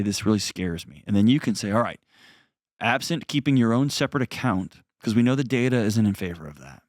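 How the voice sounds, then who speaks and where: A man's voice: on the low side, no room sound, clean studio sound. Earnest man giving advice. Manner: earnest, plainspoken counsel with folksy asides. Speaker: host. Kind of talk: advice call-in show.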